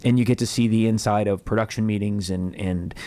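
A man's voice: on the low side, fairly even intonation, brisk, mellow. A man chatting casually as a film reviewer, rambling with many fillers and restarts.

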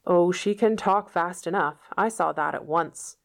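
A woman voicing a stern, sharp-tongued middle-aged woman who speaks curtly and reproachfully. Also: on the low side, a little slow, gravelly. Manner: curt, reproachful.

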